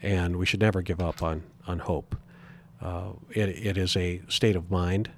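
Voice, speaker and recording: Earnest low-voiced man, halting restarts. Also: level tone, slight background noise. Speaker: guest. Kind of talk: reflective interview talk.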